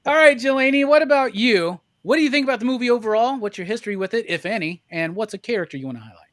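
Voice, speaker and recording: A man's voice: extremely high pitch, expressive, very fast, fairly bright tone, dry recording, clean studio sound. A man hosting a movie review podcast, leading the casual talk and asking his co-hosts questions.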